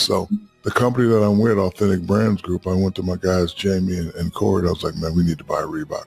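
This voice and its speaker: Gravelly, very deep-voiced middle-aged man. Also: fairly even intonation, fast, a little mellow, no echo, soft background music. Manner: loose, profane, anecdotal. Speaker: podcast guest. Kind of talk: casual storytelling chat.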